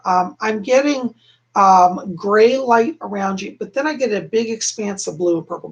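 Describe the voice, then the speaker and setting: Gravelly-voiced man giving psychic readings. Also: high voice, fairly bright tone. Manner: chatty, reassuring, addresses viewers as hon and darling. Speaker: psychic reader, host. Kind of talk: live-stream psychic readings to viewers.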